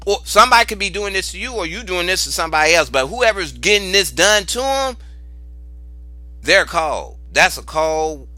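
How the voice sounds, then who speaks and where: Speaking at normal speed in a high, bright voice, a man reads tarot for a casual vlog. He's lively and informal, exclaiming, cussing freely and repeating phrases for emphasis, all in a dry recording.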